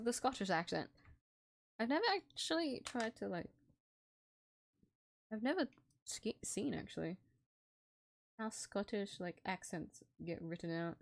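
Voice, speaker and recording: A woman's voice: mid-range voice, animated, unhurried, creaky, pauses often, slight background noise. A young woman streaming a game, chatting casually with swearing and laughing asides. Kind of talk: casual let's-play commentary. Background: background music.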